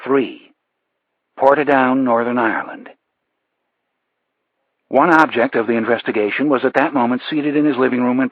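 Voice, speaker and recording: A man narrating a thriller audiobook in a measured, even way. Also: mid-range voice, dry recording. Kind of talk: scripted narration. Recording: dull lo-fi audiobook recording.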